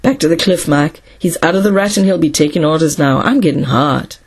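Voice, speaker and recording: A woman voicing a brusque, decisive male space engineer who speaks curtly and gives orders, with a breathy voice. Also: low-pitched, fairly quick, pitched below the performer's own voice.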